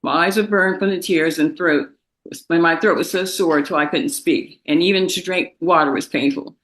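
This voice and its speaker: A tearful young woman, the victim's daughter, reads a prepared impact statement aloud in a courtroom. Her voice is bright yet lowish, and she is emotional and halting, restarting and repeating herself; the audio quality is poor.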